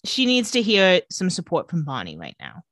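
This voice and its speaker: A woman co-hosting a casual chat, retelling scenes and quoting characters in quick voices. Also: fairly low pitch, wildly swooping pitch, a bit bright, dry recording. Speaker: podcast co-host recapping a TV episode.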